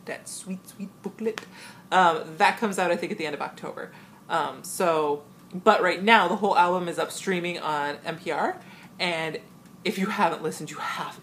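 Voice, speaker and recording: A young woman recording a vlog on a tablet at home, gushing excitedly and laughing often, with squealing high impressions mixed in. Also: slight background noise. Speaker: vlogger. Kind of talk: excited casual vlog recap. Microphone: tablet camera.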